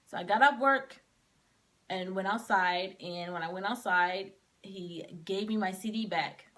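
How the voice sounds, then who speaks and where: A woman's voice: mid-range voice, unhurried, fairly bright tone. A young woman casually telling a personal story to camera, filling her talk with "like" as she relives it. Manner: casual, heavy use of "like", emotional retelling.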